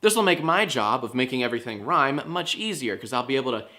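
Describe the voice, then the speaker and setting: A man's voice: medium pitch, lively intonation, fast, sharp tone. A man hosting a comedy web show, reading out viewer comments with sarcastic, jokey asides. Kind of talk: fast comedic monologue to camera.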